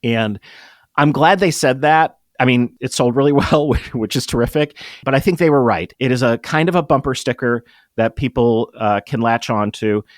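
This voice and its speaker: A middle-aged man talking as a guest in an interview, explaining with emphatic, lively energy. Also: medium pitch, normal speed, dry recording, studio quality. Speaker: guest, improv comedy producer. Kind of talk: conversational interview.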